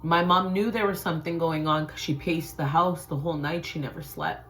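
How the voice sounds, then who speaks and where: A woman's voice: low-pitched, a little fast, a little hiss or hum. A woman hosting a spiritual channel, telling a personal story in a loose, conversational way and acting out the voices of the people in it. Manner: animated retelling, acts out quoted voices.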